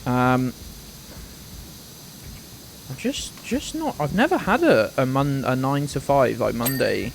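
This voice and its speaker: A young man talks to his live chat while playing a game, wandering from topic to topic in a loose, casual way. His voice sits in a middling register but bounces around a lot in pitch. He drops the odd swear word and greets viewers by name. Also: very animated, takes it slowly, vocal fry, pauses often, slight background noise. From United Kingdom. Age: 20s. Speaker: game streamer.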